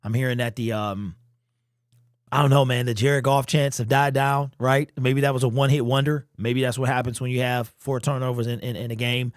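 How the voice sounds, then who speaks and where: A man's voice: medium pitch, flat delivery, fairly quick, no echo, studio quality. A man hosting a casual fan live stream, greeting chat members by name in loose, slangy talk.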